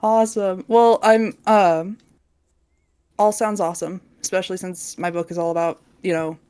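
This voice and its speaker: A woman co-hosting a casual podcast interview, encouraging and halting with fillers. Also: mid-range voice, fairly even intonation, mellow, smooth. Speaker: podcast co-host.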